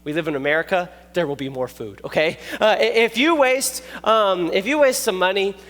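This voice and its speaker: A man preaching a youth sermon, animated and jokey, telling stories and checking in with the listeners. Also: sits high, fairly quick. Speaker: youth pastor. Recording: long echoey hall reverb.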